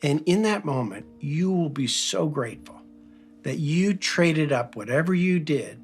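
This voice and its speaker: A man from Philadelphia speaks in a slightly higher than usual register, delivering a motivational talk. He tells a personal story earnestly and leans hard on his key phrases. Soft music plays quietly behind him. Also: expressive, unhurried, husky. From Philadelphia, United States.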